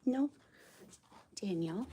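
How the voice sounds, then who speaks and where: A woman's voice: medium pitch, expressive, slow pace, background noise. A woman vlogging her farm chores, talking affectionately and teasingly to her animals. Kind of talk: casual talk to farm animals.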